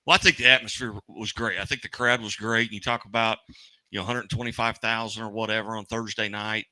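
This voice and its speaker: A man's voice: on the low side, flat delivery, fast, pushed and bright, no echo, poor audio. A man with a Missouri accent co-hosting a sports talk show, rambling in an easygoing way.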